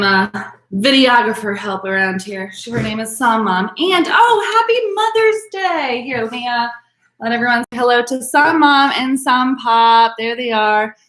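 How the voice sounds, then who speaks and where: A woman's voice: a little high, fairly bright tone. A young woman, hosting a live-streamed virtual wine tasting class in an upbeat, chatty way, with lots of fillers as she greets viewers by name. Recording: echoey room.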